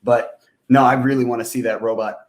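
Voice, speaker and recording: A man's voice: mid-range voice, little pitch movement, fairly quick. A young man co-hosting a podcast, in laid-back, profane casual banter. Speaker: podcast co-host. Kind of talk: casual chat. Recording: echoey room.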